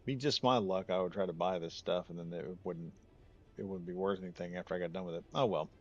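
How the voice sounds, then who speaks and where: In dull-sounding audio, a man with a low, fast, fairly even-toned voice gives relaxed live commentary on a game. He rambles off-topic often and laughs a lot.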